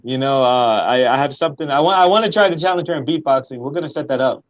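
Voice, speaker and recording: A young man from Houston, a guest rapper chatting casually, halting and full of fillers. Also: medium pitch, expressive, no room sound. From Houston, Texas. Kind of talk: casual interview chat. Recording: dry, slightly muffled audio.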